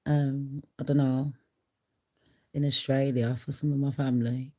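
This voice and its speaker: A woman's voice: a bass voice, level tone, unhurried, pauses often, a little mellow, low-quality recording. A middle-aged woman hosting a casual livestream, chatty and blunt, laughing often. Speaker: livestream host.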